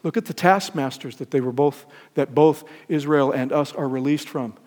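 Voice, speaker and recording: An older man preaching a sermon, emphatic, swinging from loud peaks to soft lines and asking the congregation questions. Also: a little high, moderate pace. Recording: long hall reverb.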